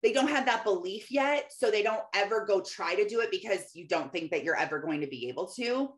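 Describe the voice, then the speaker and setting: A woman's voice: medium pitch, expressive, a little fast. A woman in her thirties giving a casual, earnest faith-based encouragement talk, laughing often and quoting scripture. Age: 30s.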